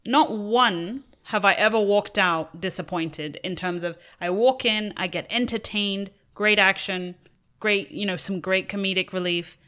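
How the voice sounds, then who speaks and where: A woman's voice: medium pitch, a little slow, pushed and bright. A woman co-hosting a casual movie podcast, enthusiastic and emphatic. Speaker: podcast co-host. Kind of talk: casual chat.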